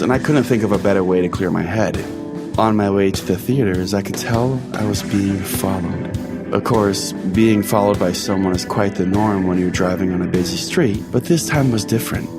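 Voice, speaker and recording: A man's voice: lowish voice, natural voice. A man voicing a pompous, self-righteous, hotheaded small-town pastor in a comedy podcast sketch. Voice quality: pompous, blustering. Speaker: host.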